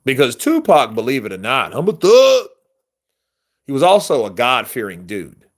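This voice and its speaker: A man rambles through a casual chat with his viewers, cursing freely and slipping into quick voices for other people. His pitch sits mid-range but swings in a lively way from line to line. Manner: loose, profane, rambling street talk; answers viewer questions, acts out quotes with voice shifts. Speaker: boxing commentary host.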